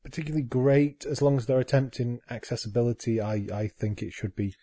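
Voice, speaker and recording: A man co-hosting a casual podcast, speaking in a measured, hesitant way. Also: medium pitch, warm tone, no echo. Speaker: podcast co-host. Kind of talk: casual chat.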